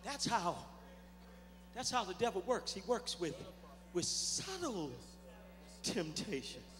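Middle-aged male bishop, high tenor preaching voice, roomy church sound with music behind. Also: sing-song, slow pace, fairly bright tone. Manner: fervent, repetitive preaching with stammered restarts. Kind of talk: sermon. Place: large church hall. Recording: echoey hall with music behind.

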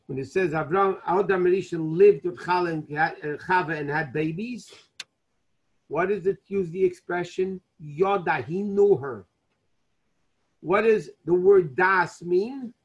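A rabbi, a man with a fairly high, husky voice, teaches a Torah class. He poses question after question and answers them himself, and weaves Hebrew and Yiddish terms into his English. The recording is dull and lo-fi.

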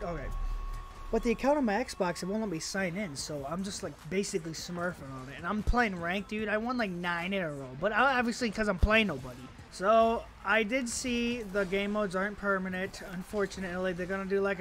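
A young gamer with a high-sitting, fairly quick voice swears and rants through his own gameplay at a home computer. He mocks both himself and the players he's up against in excitable, profane bursts. A little hiss or hum is audible.

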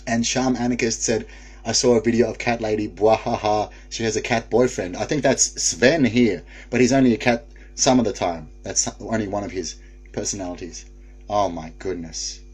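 A man's voice: on the low side, steady tone, normal speed, a little mellow. A man hosting a casual live stream, reading viewer comments aloud and laughing often.

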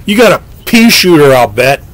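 A man's voice: a little high, sing-song, normal speed, a bit bright, no echo. A man reading the part of a stubborn, skeptical boy who squawks blunt complaints. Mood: indignant.

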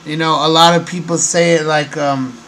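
A man's voice: on the high side, flat delivery, normal speed, a bit bright, slight background noise, low-quality recording. A man hosting a casual monologue, rambling and hesitant with many fillers. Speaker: host.

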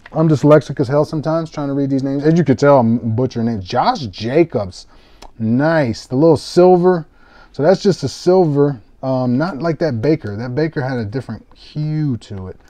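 A young man casually commentating a live sports-card break, excitable and self-mocking, swearing freely. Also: mid-range voice, no room sound.

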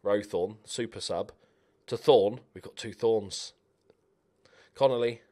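A young man giving chatty, animated commentary while playing a game, cheering on his players. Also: lowish voice, slow. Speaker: gaming YouTuber. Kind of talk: casual let's-play commentary.

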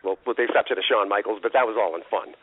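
A man telling stories as an interview guest, lively and laughing often, acting out the people he quotes. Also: on the low side, rapid-fire, slight background noise. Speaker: guest, wrestling impersonator. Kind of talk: animated storytelling interview. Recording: tinny phone-quality line.

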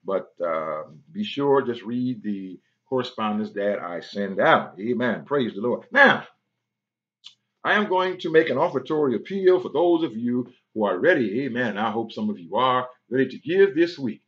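A man's voice: mid-range voice, lively intonation, normal speed, few pauses. A male pastor runs through church announcements, dropping an amen or a praise the Lord after nearly every phrase. The sound is dull and lo-fi, like an online service stream. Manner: punctuates with frequent amens and praise the Lords; breaks into singing.

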